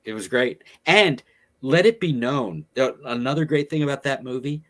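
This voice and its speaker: A man's voice: mid-range voice, fairly bright tone. A man co-hosting a podcast in casual chat, swearing freely and retelling scenes with relish while groping for names. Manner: profane, enthusiastic storyteller, halting recall. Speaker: podcast co-host.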